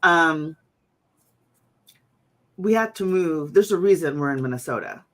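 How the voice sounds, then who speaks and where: A woman's voice: deep voice, animated, unhurried. A woman hosting a casual conversation, chatty, with many fillers and restarts. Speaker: host.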